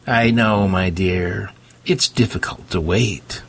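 A smug vampire preacher, put on by a man reading an audiobook who preaches in a slow, soaring, relishing voice. He sounds husky and raised in pitch above a plain low speaking voice. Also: heavily acted. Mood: gloating. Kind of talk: audiobook character voice.

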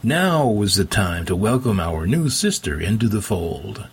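A smug vampire preacher, put on by a man reading an audiobook who preaches in a slow, soaring, relishing voice. He sounds husky and raised in pitch above a plain low speaking voice. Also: very animated, exaggerated voice. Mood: solemn. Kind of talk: audiobook character voice.

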